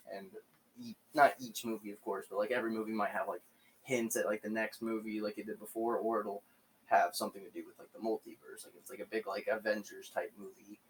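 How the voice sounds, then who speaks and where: Rambling young man, lower voice. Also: distant mic, a little hiss or hum, poor audio. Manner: rambling, many fillers and restarts. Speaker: video host. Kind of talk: casual solo commentary. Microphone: home microphone.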